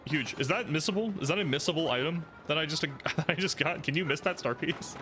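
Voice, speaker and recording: A man's voice: on the high side, fairly quick, sharp tone. A man streaming a video game, chatting casually in a giggly, rambling, self-deprecating way. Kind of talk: casual gameplay commentary. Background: game music.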